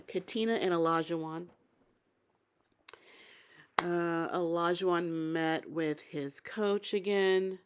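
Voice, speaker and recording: A woman with a slightly low voice talks through a reality show episode in a relaxed, chatty recap. She is opinionated and thinks out loud, weighing each moment as she describes it. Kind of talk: casual spoken episode recap.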